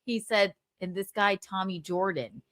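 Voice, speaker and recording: A woman's voice: mid-range voice, steady tone, a little slow, fairly bright tone. A woman in a casual talk show chat. She tells her part of the story plainly and matter-of-factly, as a co-host.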